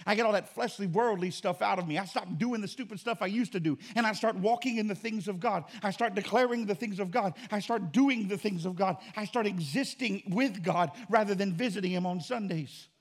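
A man with a high-pitched voice preaches a sermon from the pulpit. He builds his points through repetition and swings between loud, emphatic lines and quieter asides. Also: fairly quick, hardly any pauses. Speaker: pastor. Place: church.

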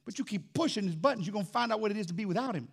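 A man preaching a lively sermon as pastor in a church, swinging between shouts and low asides. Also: rapid-fire, gravelly, slightly rough. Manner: animated, shouts and drops low, playful asides. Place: church sanctuary.

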